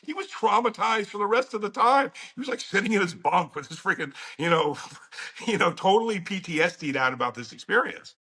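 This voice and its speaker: A man's voice: high-pitched, lively intonation, brisk, pushed and bright, husky. A middle-aged man telling a story as a podcast guest, blunt and profane, laughing now and then. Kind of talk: casual storytelling.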